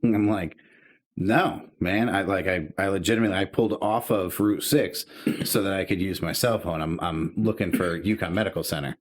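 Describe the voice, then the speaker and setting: A man's voice: low-pitched, a little fast. A man co-hosting a podcast, telling a story in casual chat, swearing and acting out the dialogue. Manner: animated, swearing, acts out dialogue. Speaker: podcast co-host.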